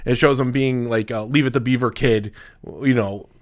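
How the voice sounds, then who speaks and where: A man's voice: mid-range voice, fairly even intonation, moderate pace. A man in casual chat recapping a movie scene, rambling with restarts as he recalls details.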